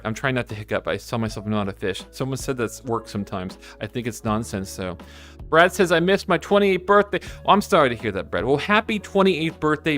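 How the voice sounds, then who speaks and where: Lively, sidetracked man streaming live. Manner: rambling and easily sidetracked, many restarts; animated, jumps high in pitch when excited. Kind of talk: casual stream chat reading viewer comments.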